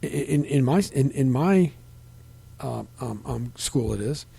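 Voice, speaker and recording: A middle-aged man hosting a casual podcast, talking in a halting, rambling way with many restarts and fillers, livening up when he quotes other people. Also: mid-range voice, expressive, creaky, warm tone, breathy edge. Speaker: podcast host. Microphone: desk microphone.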